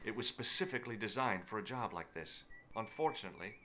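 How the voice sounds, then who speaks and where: A dry, wisecracking adventurer narrates his own exploits in a video game. His low-set voice is bright and clear, with lively rises and falls. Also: quick pace. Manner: dry, matter-of-fact narration.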